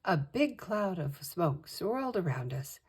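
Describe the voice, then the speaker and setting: An older woman, a grandmother, reading a children's picture book aloud with expressive storytelling. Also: lowish voice, unhurried, slightly rough. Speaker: storytime reader.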